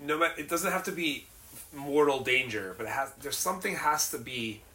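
A man co-hosting a podcast in casual chat, talking in halting bursts with frequent restarts. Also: a little high, low-quality recording. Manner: halting, restarts often, animated. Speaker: podcast co-host.

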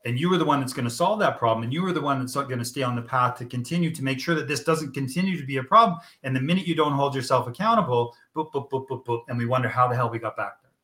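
A middle-aged man talks candidly as an interview guest, in a voice of ordinary middle pitch. He is blunt and emphatic and swears freely to drive his points home. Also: quick pace, a bit bright. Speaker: guest, founder of a youth mental-health program.

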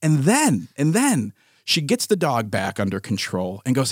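A man in his thirties or forties hosting a podcast, telling a story in casual chat, animated and exasperated, laughing often. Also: medium pitch, a little slow, no echo, studio quality. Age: 30s to 40s. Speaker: podcast host.

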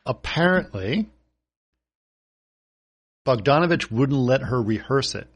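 A man's voice: mid-range voice, expressive, takes it slowly, slight background noise. A man co-hosting a casual film podcast, adding details and behind-the-scenes trivia. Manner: chimes in with details and trivia, laughs easily. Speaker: podcast co-host.

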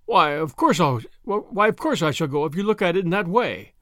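A man's voice: a little high, animated, fairly quick, a bit bright, no room sound. Male reader doing a querulous old miser, grumbling and peevish, dry close sound. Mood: grudging.

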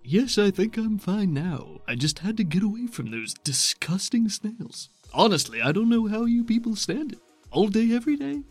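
A man putting on a high-pitched squeamish snob. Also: big pitch swings, normal speed, a little mellow, no echo, soft background music, full character voice. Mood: fretful.

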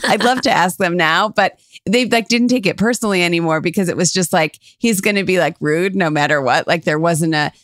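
A woman's voice: lowish voice, brisk, fairly bright tone, dry recording. Casting: woman, 40s, chatty anecdote teller, dry close mic. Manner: chatty, many fillers, tells family anecdotes. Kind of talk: casual chat.

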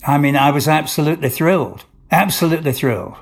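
A man's voice: fairly high pitch, fast, creaky. Older man telling rambling anecdotes. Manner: rambling, with restarts and acted-out dialogue. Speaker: actor, interview guest. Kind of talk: anecdotal interview storytelling.

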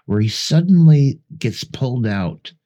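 A man's voice: medium pitch, animated, a little slow, dark tone. A man co-hosting a podcast, dryly recapping the plot of a bad old movie. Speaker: podcast co-host.

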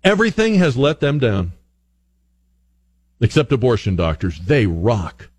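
A man hosting an opinion talk show, delivering a sarcastic, mocking monologue with exaggerated high-pitched asides. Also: wildly swooping pitch, a little slow, darkish tone, husky. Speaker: political commentary host.

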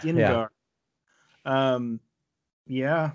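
A man's voice: medium pitch, drawn-out words, dull audio. Rambling male podcast co-host. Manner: rambling, restarts thoughts, playful quips. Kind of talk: casual fan podcast chat.

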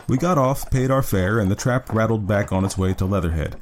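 A man narrating a classic story as an audiobook in a measured, even reading. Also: fairly low pitch, slight background noise.

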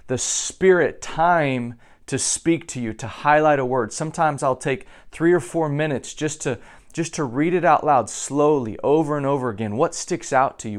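Earnest preaching man. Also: mid-range voice. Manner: earnest, repeats words when building a point. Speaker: pastor. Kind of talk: devotional teaching.

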